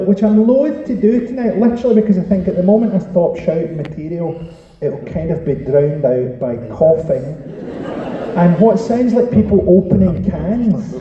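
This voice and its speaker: A man's voice: high voice, very echoey. Male comic, crowd work, caustic and sweary; dull distant live sound with noise. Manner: sweary, sardonic, teasing the crowd. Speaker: stand-up comedian. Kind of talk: stand-up set with crowd work. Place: live comedy venue on stage. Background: audience laughter and chatter.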